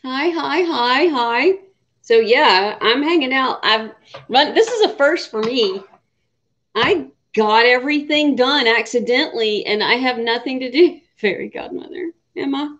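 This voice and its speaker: A woman's voice: high voice, animated, measured pace, fairly bright tone. Middle-aged woman host, casual livestream chat, cusses a lot, dull lo-fi sound. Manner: chatty, swears freely, laughs often. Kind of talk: casual live chat with viewers.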